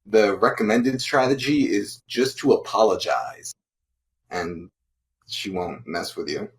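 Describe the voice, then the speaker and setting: Low-voiced man reacting with mild exclamations. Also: measured pace, poor audio. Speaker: podcast co-host. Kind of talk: casual live-stream chat.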